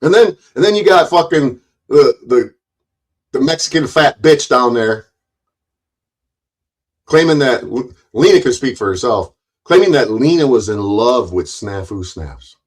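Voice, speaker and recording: A man who runs his own channel, delivering a heated livestream rant in a forceful, mocking and sarcastic way, full of swearing. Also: medium pitch, lively intonation, a little slow. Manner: loud, forceful delivery that he calls passion. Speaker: YouTube channel owner.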